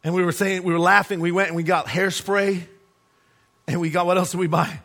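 Man, pastor preaching a sermon, high voice, emphatic, rhetorical questions. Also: steady tone, a little fast, fairly bright tone.

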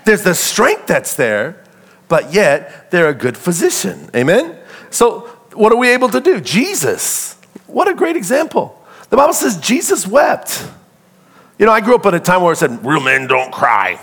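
With a high, slightly rough voice at a moderate pace, this middle-aged preacher keeps things loose and conversational. He calls out to the congregation in call-and-response fashion and animatedly acts out little scenes.

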